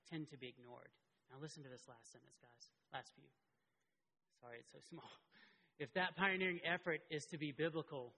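Impassioned preacher in a reverberant hall. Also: male voice, pushed and bright. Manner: impassioned, rising to high emotional peaks. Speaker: pastor. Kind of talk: sermon.

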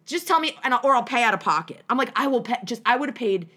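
Bright-voiced, animated young woman storyteller. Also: on the high side, fast, breathy edge. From New Jersey. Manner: animated, profane, rambling with many restarts and acted-out quotes. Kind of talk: casual storytelling chat.

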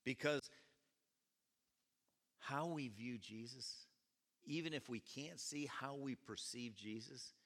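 A man pastor preaching a sermon at a church service, animated and questioning his congregation as he tells the story. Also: mid-range voice, takes it slowly, long pauses. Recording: echoey church hall.

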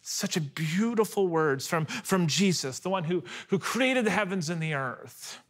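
A pastor in his thirties preaches earnestly and personally, his voice fairly high for a man. Expressive and a little slow, he shifts between hushed, tender passages and emphatic, rising ones.

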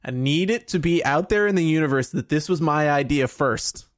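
A man's voice: on the high side, expressive, moderate pace, no room sound, clean studio sound. Joking man on a podcast. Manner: joking, laughs often, acts out lines. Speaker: podcast co-host. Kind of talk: casual chat.

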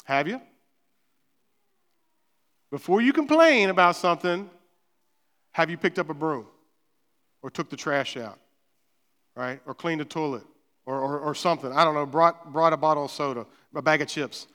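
A man's voice: on the high side, moderate pace, pauses often, fairly bright tone, in a large hall. A man preaching a sermon in a conversational, repetitive way, often asking "right?". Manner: conversational, repeats words, frequent "right?". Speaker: pastor. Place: church sanctuary.

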